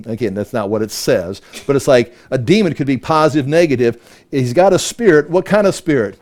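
A man's voice: mid-range voice, animated, a little fast, a little mellow. A man leading a Bible study, conversational and full of rhetorical questions. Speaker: Bible teacher.

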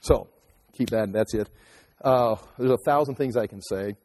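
A man in his fifties telling a personal story casually, rambling with many halting restarts. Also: medium pitch, a little mellow. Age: 50s. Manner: rambling, halting restarts, acts out voices in quotes. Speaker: teacher and speaker. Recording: long hall reverb.

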